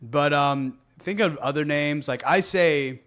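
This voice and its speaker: A young man co-hosting a podcast, talking casually, animated and often laughing, mimicking rude tones. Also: fairly high pitch, measured pace. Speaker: podcast co-host.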